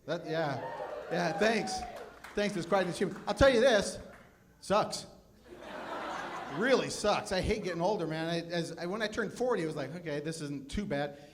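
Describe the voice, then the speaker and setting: Fifty-something male stand-up comic, self-deprecating club set, slightly high voice, audible room noise. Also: lively intonation, normal speed. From Phoenix, USA. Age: 50s. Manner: self-deprecating, chatty with the crowd. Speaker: stand-up comedian. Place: live comedy club with audience.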